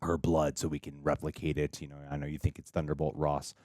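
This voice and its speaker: A man's voice: a bass voice, fast talker, no echo, clean studio sound. A man co-hosting a TV reaction show, chatting casually and joking as he acts out lines. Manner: animated and joking, acting out lines. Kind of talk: casual review chat.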